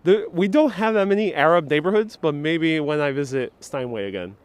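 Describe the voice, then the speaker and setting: A man's voice: a little high, brisk, smooth. A man from New York City hosting a casual live-stream walking tour outdoors on city streets, chatting playfully and answering viewers' comments on a clip-on mic. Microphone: wireless clip-on mic.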